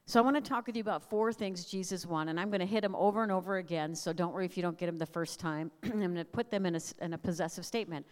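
An earnest middle-aged woman preaching at a family camp, her slightly low voice moving in measured, emphatic phrases. Her words ring out with a long reverb from a large hall. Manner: earnest, prayerful, measured cadence with emphatic repeated lists. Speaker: speaker at a family camp, radio host. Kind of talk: sermon with personal testimony.

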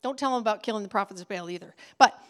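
A woman preaching a sermon as a lively story, acting out the characters' lines with big jumps in loudness. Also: racing. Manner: animated, acts out characters' lines with big swings in pitch and volume.

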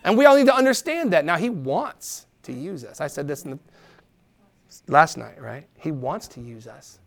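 A middle-aged man preaching a sermon, animated, acting out quoted voices and dropping to a soft tone for encouragement. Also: fairly high pitch, moderate pace, gravelly. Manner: drops to a soft, quiet tone for encouragement. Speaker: pastor.

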